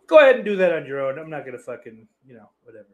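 A man's voice: a little high, sing-song, very fast, highs cut off. A man in his thirties hosting a casual stream, reading out chat messages and rambling in a profane, offhand, sardonic way. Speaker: livestream host reading chat.

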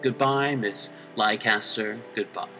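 A man voicing a stern, grim older doctor who speaks in loud, commanding declarations. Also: fairly low pitch, a little slow, recorded from a distance, lo-fi sound, soft background music. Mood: somber.

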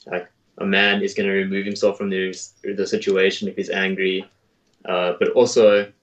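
A man's voice: low voice, little pitch movement, normal speed. A man hosting a casual conversation, reflecting on an idea and asking follow-up questions. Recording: distant, dull lo-fi mic.

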